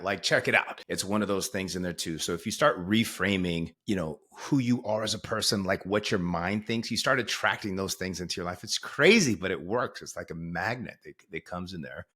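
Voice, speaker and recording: A man with a low, deep voice hosting a podcast. He keeps the chat casual and affirming, agreeing readily before he moves to the next question. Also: fairly bright tone. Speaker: podcast host. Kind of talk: podcast conversation.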